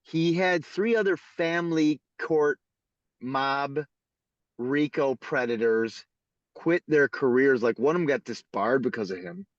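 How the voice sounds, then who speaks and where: A man who is a podcast guest, telling stories in a casual, animated way and acting out the people in them. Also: mid-range voice, unhurried, no echo. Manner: animated storyteller who acts out the voices in his stories. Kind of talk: casual storytelling interview. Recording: slightly dull lo-fi audio.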